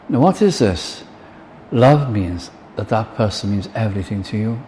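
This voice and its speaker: A man's voice: on the low side, expressive, a little slow, mellow, a little hiss or hum. An older man preaching a sermon, earnest, quoting hymn lines and acting out little dialogues. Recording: long reverb in a large hall, faint ambience.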